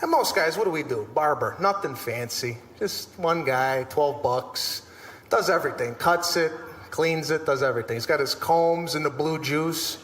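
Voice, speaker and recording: A middle-aged man works a stand-up crowd with a fairly high voice, full of exasperated, animated storytelling. His voice rings through a big echoey hall from a stage mic, with faint room ambience behind it. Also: moderate pace, a little hiss or hum. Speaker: stand-up comedian. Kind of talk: stand-up comedy routine. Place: large theater stage.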